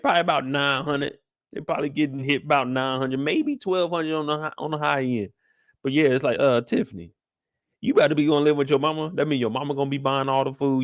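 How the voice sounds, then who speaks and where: Young male recap host, casual and slangy, jokey, mid-pitched voice, dry close sound. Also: no room sound. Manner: slangy, joking, talks straight to the characters. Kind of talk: casual live after-show discussion.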